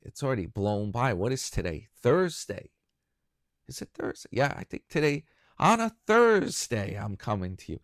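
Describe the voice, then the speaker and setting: A man's voice: on the low side, expressive, normal speed, no echo, clean studio sound. A man hosting a casual solo chat for his viewers, rambling and chatty and joking at his own expense. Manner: rambling, chatty, self-mocking. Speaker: YouTube commentary host.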